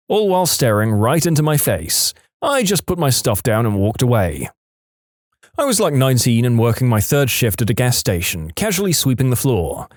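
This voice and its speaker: A man narrates online stories in a lively, swooping voice, leaning into dramatic pauses. His pitch sits mid-range, and the recording is close and dry with no room sound. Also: dry recording. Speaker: story narrator. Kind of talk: reading online stories aloud.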